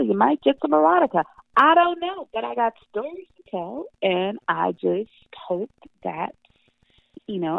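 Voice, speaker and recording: Animated, gravelly woman on a phone line. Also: mid-range voice, dry recording. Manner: animated, swears freely, laughs often. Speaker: comic book writer, guest. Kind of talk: casual interview chat. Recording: tinny phone-line sound.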